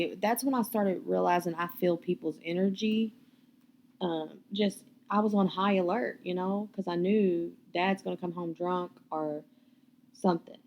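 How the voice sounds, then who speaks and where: A woman's voice: on the low side, darkish tone. A young woman, hosting a podcast and telling a personal story in a blunt, profane, candid way. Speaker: podcast host.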